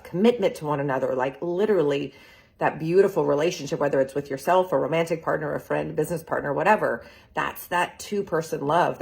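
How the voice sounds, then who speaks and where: Woman doing a tarot reading, raspy gravelly voice, kinda low, chatty and excited. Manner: chatty, enthusiastic, laughs often, lots of "like" and "right?". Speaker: tarot reader. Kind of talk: casual tarot reading video. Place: real estate group's social video.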